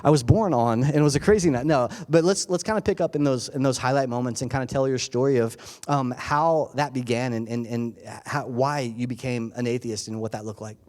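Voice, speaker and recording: A man delivers a sermon in a loose, talkative style, slipping into playful voices for the people in his story. His voice sits in an ordinary middle range. Sometimes he jumps louder and higher, then falls back soft. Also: brisk, hardly any pauses. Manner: animated, conversational, acts out characters with bursts of loudness. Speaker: pastor. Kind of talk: sermon and on-stage interview. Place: church stage.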